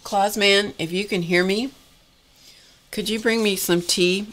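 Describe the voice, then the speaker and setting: Slow-talking woman hosting a craft live stream. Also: medium pitch, fairly even intonation, fairly bright tone. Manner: chatty, exclaiming over gifts, talking to viewers. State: coughing, voice getting tired. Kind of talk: casual live-stream chat, opening happy mail.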